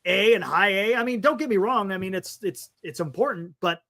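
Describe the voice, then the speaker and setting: A man's voice: high-pitched, brisk, creaky, bright, forceful tone. A man hosting a casual postgame fan talk show, frank and rambling, stumbling over player names as he reads stats. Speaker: fan podcast host.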